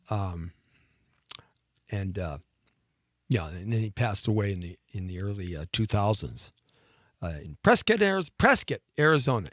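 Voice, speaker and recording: Animated middle-aged male storyteller, dry studio sound. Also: mid-range voice, dry recording. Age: 50s. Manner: animated anecdotal storyteller with laughs and restarts. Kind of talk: storytelling on a talk show.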